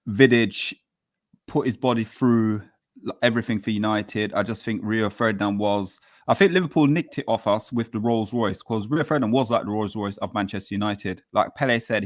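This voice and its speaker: A man hosting a casual livestream chat, plugging the channel and steering the talk from topic to topic. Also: fairly low pitch. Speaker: show host.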